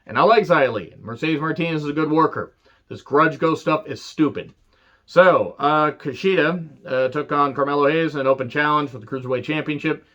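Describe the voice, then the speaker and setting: A man's voice: on the high side, moderate pace, fairly bright tone, highs cut off. A man reviewing a wrestling show in a casual, rambling way, sarcastic and full of profanity.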